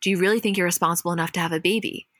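A woman's voice: lowish voice, fairly even intonation, rapid-fire, a bit bright, no echo, clean studio sound, close to an everyday voice. A woman reading as a furious young woman. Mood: indignant. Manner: quoting lines verbatim, heated. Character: furious young woman confronting her sister.

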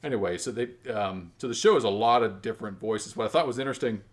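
Low-voiced rambling male podcast host. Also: fast talker. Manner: rambling, self-correcting, chatty. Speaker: podcast host and game master. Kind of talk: casual chat.

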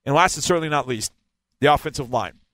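A man's voice: fairly high pitch, animated, quick pace, fairly bright tone, no room sound. A man giving a casual football breakdown, explaining and stressing key words again and again. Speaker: football analyst.

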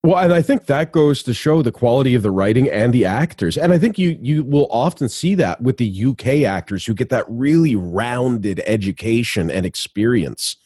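Husky man with a lively voice. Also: mid-range voice, normal speed, hardly any pauses, no echo, studio quality. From North America. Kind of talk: casual movie review chat.

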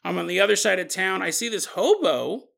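A man's voice: high voice, lively intonation, fairly quick, vocal fry, a bit bright, full character voice. A man voicing a bewildered man abducted by aliens, complaining in confused, incredulous questions. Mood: exasperated.

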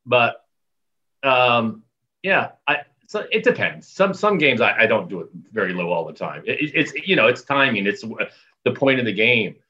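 Guy telling arena announcer stories, bright sharp voice, kinda muffled audio. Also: normal speed. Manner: animated, acts out quotes in higher voices, laughs often. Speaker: arena public address announcer. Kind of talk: casual storytelling interview.

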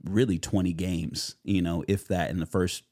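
Warm, mellow and deep, the voice belongs to a young man, an actor, talking as a guest in an interview at a moderate pace. He rambles animatedly through his story with lots of fillers, performing other people's lines to him. It's recorded dry and close, without any room sound.

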